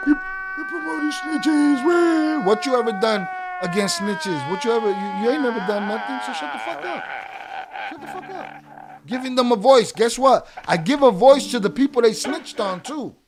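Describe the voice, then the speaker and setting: A man, streaming and heatedly berating a viewer in chat, swearing hard. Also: sits high. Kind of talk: angry livestream rant.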